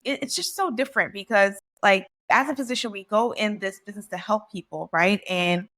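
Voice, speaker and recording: A woman in her thirties, a physician guest, talking through a personal story in an animated, conversational way with frequent "like" and "right?". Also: mid-range voice, brisk. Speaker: physician and real estate investor guest. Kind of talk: casual podcast storytelling.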